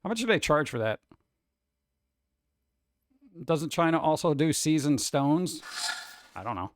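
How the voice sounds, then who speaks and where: A man's voice: fairly high pitch, lively intonation, measured pace, slight background noise. A man hosting a casual livestream, rambling from topic to topic with sarcastic jokes. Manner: rambling, jokey, sarcastic asides. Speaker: livestream host.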